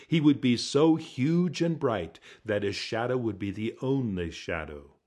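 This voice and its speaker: A man telling a folk tale in a slow, hushed, dramatic way. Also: mid-range voice, animated. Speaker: storyteller. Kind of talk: storytelling narration.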